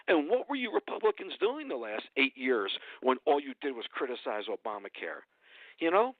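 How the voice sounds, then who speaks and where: A radio guest calling in over a dry, tinny phone line rants indignantly about politics, driving points home through repetition. His mid-range voice swings widely in pitch at a moderate pace, with no room sound.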